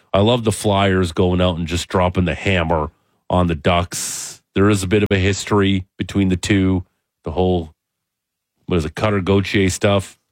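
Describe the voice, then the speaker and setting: Low-voiced, chatty male sports radio host. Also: no room sound. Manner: chatty, mocking when he imitates others. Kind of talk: casual sports talk chat.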